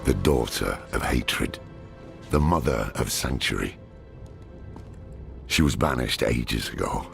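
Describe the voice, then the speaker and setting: A grim old druid mentor speaks in a gravelly, very deep voice full of fry. He talks slowly and gravely, weighing each word. Loud game music swells behind the dialogue. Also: expressive, exaggerated voice. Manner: grave, measured delivery. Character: gruff weary older male druid mentor.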